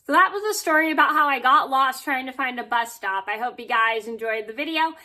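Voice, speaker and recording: A woman chats to camera, telling a story from her day. Her voice sits on the high side and sounds bright and a little sharp. She rambles with fillers and tosses in "blah, blah" to skip details. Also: a little fast. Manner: chatty and animated, with fillers and "blah blah". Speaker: vlogger.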